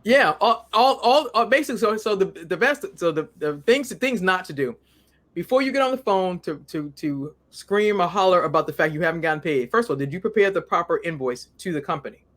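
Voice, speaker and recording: A woman's voice: lowish voice, lively intonation, fairly quick, fairly bright tone. A woman guest walks through her advice in an interview, counting off rules one by one. Her delivery is practical and methodical, with casual restarts as she goes. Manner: methodical, lists steps by number. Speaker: guest author. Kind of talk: interview explanation.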